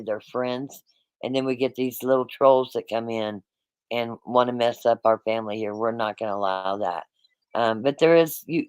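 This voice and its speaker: Talking straight to his chat, a man hosting a livestream rambles loosely and keeps looping back to repeat things in this casual session. His voice is mid-pitched with a clean tone, recorded close and dry with no room echo.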